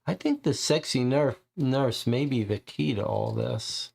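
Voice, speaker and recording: A man casually thinking aloud, in a hesitant, halting way, while playing a mystery game. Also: mid-range voice, vocal fry, darkish tone. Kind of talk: casual let's-play commentary.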